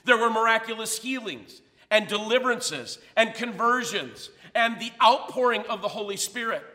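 A man's voice: high-pitched, animated, moderate pace, bright, forceful tone, big-room sound. A man preaching a sermon as pastor, emphatic and full of rhetorical questions.

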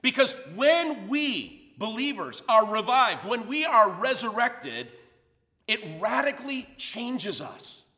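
A man's voice: extremely high pitch, sing-song, takes it slowly, bright, forceful tone, in a large hall. A man preaching a sermon as pastor, emphatic and full of rhetorical questions.

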